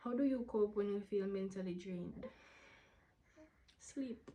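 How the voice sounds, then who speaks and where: A young woman, answering viewer questions in a candid, casual vlog, sometimes dropping into a soft whisper. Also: mid-range voice, moderate pace, low-quality recording. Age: young adult. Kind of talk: casual Q&A to camera.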